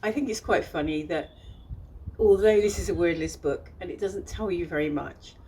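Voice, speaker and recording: A woman's voice: lowish voice, normal speed, warm tone, husky. An older woman with a thick Bristolian accent, talking casually about her picture book, chatty and self-deprecating with frequent ums and restarts. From England. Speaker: children's book illustrator.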